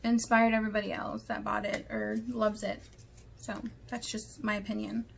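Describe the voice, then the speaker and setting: A woman's voice: medium pitch, level tone, moderate pace, creaky, a little hiss or hum. A woman beauty vlogger talking candidly in a rambling rant, sometimes dropping into whispers. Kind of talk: casual vlog rant.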